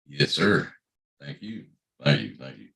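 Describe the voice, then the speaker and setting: A man with a very deep voice chats on a livestream and laughs easily. His talk is loose and joking, with a relaxed, unhurried feel. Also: creaky. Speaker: livestream co-host. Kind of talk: casual chat.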